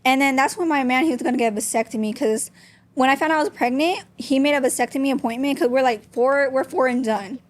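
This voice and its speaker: On a podcast, a young woman guest with a high voice talks fast, sharing a personal story candidly and peppering it with "like".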